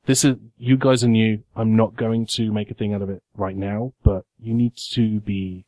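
A stern sheriff of a small colony gives firm warnings in a low voice, stopping and restarting as he goes, played by a man at a tabletop game. The sound is dry and close. He keeps a guarded, serious tone. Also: little pitch movement, normal speed, mellow, no echo, close to an everyday voice. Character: stern male colony sheriff in a trench coat. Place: game cafe.

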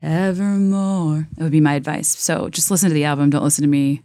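A woman hosts a solo podcast in a low, level, mellow voice, talking rapid-fire with studio quality and no room sound. Her casual talk is chatty and self-mocking, full of fillers and restarts.

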